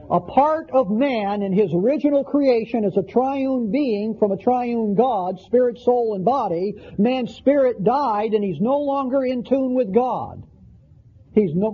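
High-voiced husky male preacher. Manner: reads scripture aloud, folksy asides. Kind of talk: sermon. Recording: dull lo-fi sermon recording.

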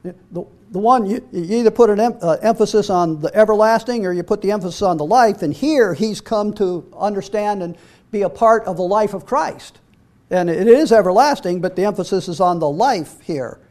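Middle-aged male preacher, high voice, reads scripture, halting restarts. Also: a little mellow. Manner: repeats words when restarting, reads scripture aloud. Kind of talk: sermon.

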